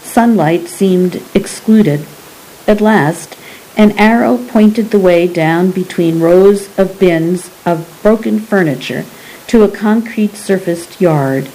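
A woman narrating an audiobook at an unhurried, deliberate pace. Her voice sits on the low side, and she reads in a steady, measured way. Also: low-quality recording.

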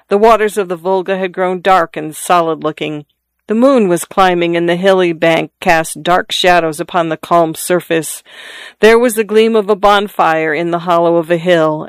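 A narrator reading a classic story in an even, measured way. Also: medium pitch, clear, resonant tone, no echo. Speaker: audiobook narrator.

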